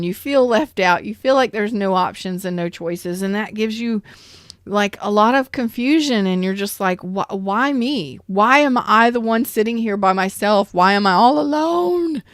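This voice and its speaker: A woman's voice: mid-range voice, clean tone, dry recording, studio quality. A woman giving a tarot reading to her viewers, earnest and emotional, repeating herself as she speaks straight to them. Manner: earnest, repetitive, emotional, addresses viewers directly. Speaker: tarot reader.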